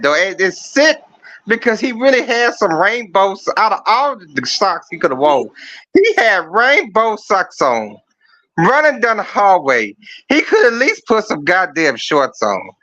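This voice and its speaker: A man's voice: high-pitched, big pitch swings, measured pace, bright, forceful tone. A man calling in with a profane, mocking comedic rant, telling stories about a scandal. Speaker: caller. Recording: dull lo-fi dry sound.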